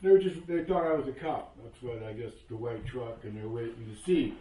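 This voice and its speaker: A man in his seventies, a local resident, telling a story in a casual, animated way, acting out what people said and cursing freely. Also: mid-range voice, a little fast. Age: 70s. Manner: animated, acts out quoted exchanges, curses freely. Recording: roomy echo, voice from a distance.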